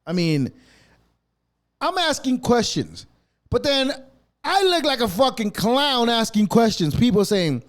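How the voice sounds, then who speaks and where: A man's voice: high-pitched, very animated, moderate pace. A man hosting a podcast, delivering a rambling, sarcastic rant full of swearing. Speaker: podcast host. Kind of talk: profane ranting monologue.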